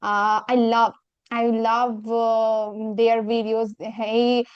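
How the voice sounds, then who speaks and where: A woman's voice: a little high, little pitch movement, very slow, smooth, no echo. A woman in a casual English practice chat, earnest and talking in long searching sentences. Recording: dull, muffled sound.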